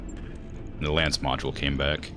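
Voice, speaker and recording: A young man with a very deep voice chats casually while streaming a game. He thinks aloud, trails off into fillers and chuckles, with faint game music underneath. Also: level tone, a little slow. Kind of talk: casual gameplay chat.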